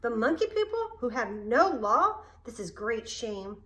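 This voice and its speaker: A woman's voice: a little high, sing-song, a little slow, bright, forceful tone, full character voice. Woman reading as Baloo, stern earnest bear. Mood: angry. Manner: earnest, scolding. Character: stern, earnest old male bear teacher. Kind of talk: storybook read-aloud.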